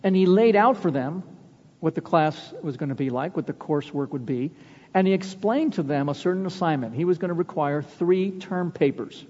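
A man preaching a sermon, telling stories with earnest weight and slowing down to stress key words. His voice is mellow and dark, though a little higher than most men's. The recording sounds dull and lo-fi, with a long church reverb trailing each phrase. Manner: earnest storytelling preacher, slows for emphasis. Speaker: pastor. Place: church sanctuary.

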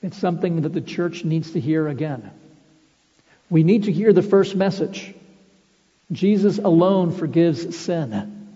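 A male preacher gives an emphatic sermon full of rhetorical questions. His voice sits fairly high but sounds dark and slightly husky. The recording is muffled, with a long hall reverb. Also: animated, a little slow, pauses often.

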